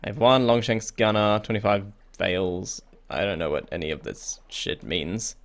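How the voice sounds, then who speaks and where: A man's voice: on the low side, moderate pace, creaky. A young man hosting a casual let's play, reading the game's text aloud and reacting in a chatty way. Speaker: gaming video host. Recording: faint game music behind.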